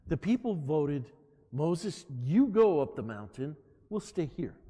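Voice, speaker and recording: A middle-aged man preaching a sermon as pastor, animated, calling "Amen?" out to his congregation. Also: fairly high pitch, measured pace, long reverb tail. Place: church.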